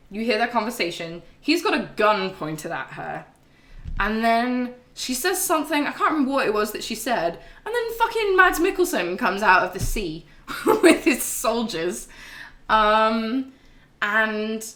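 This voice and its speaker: A woman's voice: a little high, a bit bright. A woman streamer giving a casual, rambling game recap to her live chat, swearing freely and full of ums and laughs. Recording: roomy echo.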